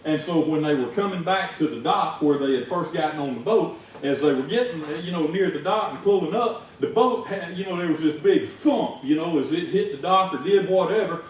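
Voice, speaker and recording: A Southern-accented lay preacher with a voice on the high side talks briskly and animatedly, barely pausing. His folksy, conversational sermon swells to shouts in the stories. Slight background noise and an echoey, far-off church sanctuary sound frame the clip.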